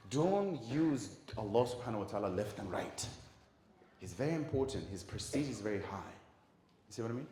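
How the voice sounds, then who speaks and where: A man giving a talk on parenting to an audience. He is lively, asks the room questions and acts out the voices of parents and children. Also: fairly high pitch. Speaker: lecturer at a community centre. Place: community centre hall. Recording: echoey hall.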